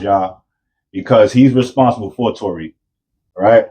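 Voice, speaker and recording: Animated New man telling a story. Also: medium pitch, fast talker. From New York. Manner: animated, addresses listeners as y'all. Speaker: podcast guest. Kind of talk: casual storytelling.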